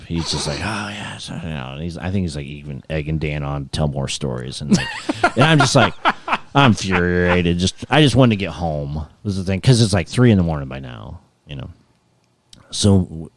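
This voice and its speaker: Lively, low-voiced storytelling man. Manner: animated rambling storyteller, laughs often. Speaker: guest musician. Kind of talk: casual storytelling chat.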